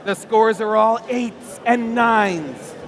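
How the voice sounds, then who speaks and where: A man narrating the stage directions at a live staged reading on a theater stage, lively and playful. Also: sits high, takes it slowly, a crowd in the background.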